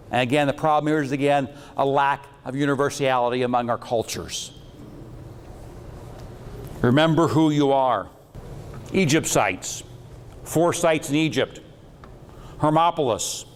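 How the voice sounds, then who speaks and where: A male lecturer working through his slides on mystical subjects in a loose, wandering way. He throws in teasing jokes and blunt asides, and his voice sits at an ordinary middle pitch. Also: clean tone, long reverb tail. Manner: rambling, jokey and irreverent. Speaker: metaphysics lecturer.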